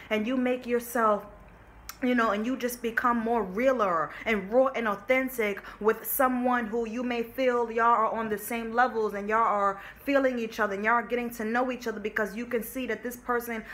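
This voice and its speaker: A woman's voice: fairly high pitch, a bit bright. A young woman telling a personal story to her viewers in a casual vlog, candid and emotional, swearing freely and calling them her babies. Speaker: vlogger.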